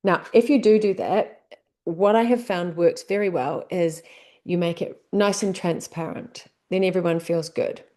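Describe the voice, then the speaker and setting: New Zealand accent, woman, business tips presenter, rhetorical questions, mellow tone. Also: on the low side, unhurried. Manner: conversational, asks many rhetorical questions.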